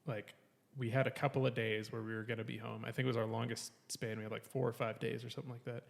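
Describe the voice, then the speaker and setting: Telling a long story on a casual podcast, a man swears a lot, laughs between lines and animatedly voices what others said. His delivery is fast and flat at a medium pitch, creaky in texture, with a big-room sound.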